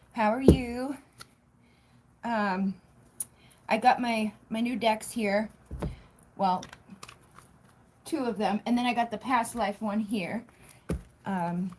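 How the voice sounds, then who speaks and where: A woman's voice: mid-range voice, a little mellow, slight background noise. A young woman hosting a tarot livestream from home, chatting casually, giggling often and swearing freely. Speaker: tarot reader livestream host. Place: home, indoors.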